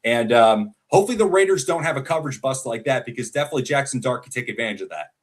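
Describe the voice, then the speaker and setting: A man co-hosting a casual football talk show, talkative and animated with frequent fillers. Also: medium pitch, rapid-fire. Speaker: sports podcast co-host.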